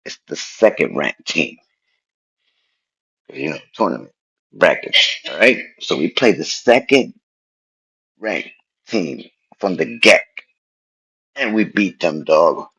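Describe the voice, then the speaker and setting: A man casually telling a personal story in street slang, animated and repeating himself as he goes. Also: low-pitched, gravelly, slightly rough, highs cut off.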